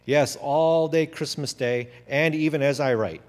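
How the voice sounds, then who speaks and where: A cheerful young soldier bubbles through his letter home in a teasing, excited way, as a man puts him on. The voice sits well above the speaker's own pitch. A long hall reverb trails every word. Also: unhurried, close to an everyday voice.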